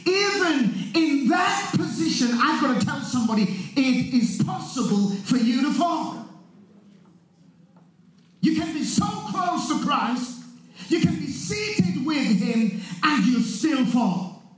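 A man preaching a sermon in church, emphatic, breaking into shouts and acting out the people he quotes. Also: very high voice, very animated, slow, faint music behind. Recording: very echoey hall.

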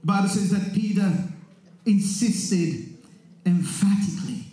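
Emphatic high-voiced preacher in an echoey hall. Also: male voice. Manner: emphatic, rising to shouts, slows down for emphasis, acts out quotes. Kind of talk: sermon.

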